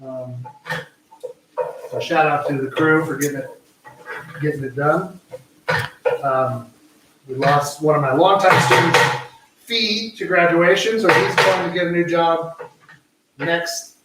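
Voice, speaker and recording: A man's voice: fairly high pitch, steady tone, a little slow, pauses often, very noisy. A man hosting a live cooking show from his home kitchen, chatting casually in a rambling, self-mocking way. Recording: echoey room, mic far off.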